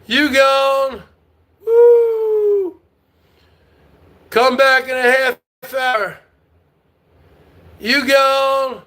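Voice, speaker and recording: A man from North Jersey with a New Jersey accent, hosting a livestream and ranting loudly at chat, taunting and swearing and repeating himself, with frequent high whooping shouts. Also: little pitch movement, extremely slow, pauses often. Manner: loud, combative, profane, repetitive taunting. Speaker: livestream host. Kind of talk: rowdy livestream rant to chat.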